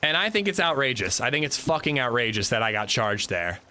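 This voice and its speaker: A man in his thirties livestreaming from a room at home, telling a story in casual chat as an indignant, animated ranter. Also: medium pitch, fairly quick, a little hiss or hum. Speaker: livestreamer playing a survival game.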